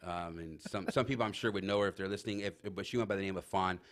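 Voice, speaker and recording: A man telling rambling, animated anecdotes in casual chat as a talk show guest, full of fillers. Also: deep voice, fast. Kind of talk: casual storytelling.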